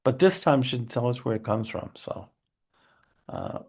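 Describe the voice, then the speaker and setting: A man leads an online class over a video call, his voice carrying a gravelly edge. He explains in a loose, conversational way, reaching for examples and asides as he goes. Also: mid-range voice, huge pitch swings, normal speed, darkish tone. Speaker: teacher.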